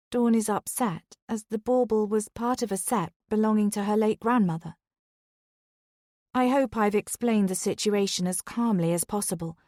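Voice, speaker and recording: A woman narrates a first-person mystery in a steady, measured voice at a middling pitch. The recording is dry and close, with no room sound at all. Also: dry recording. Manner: even, measured storytelling. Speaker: audiobook narrator.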